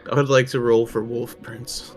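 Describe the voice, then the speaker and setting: A man plays a tabletop game in casual chat, voice at a middling pitch. He jokes around and hesitates, leaning on fillers. Faint music runs underneath. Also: flat delivery, normal speed. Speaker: player.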